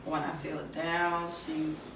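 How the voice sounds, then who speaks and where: A woman's voice: sits low, level tone, slow pace. A woman introducing herself in a podcast chat, speaking with heartfelt emotion. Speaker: medical assistant and mother. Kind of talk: casual chat. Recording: very echoey room, distant mic, background noise.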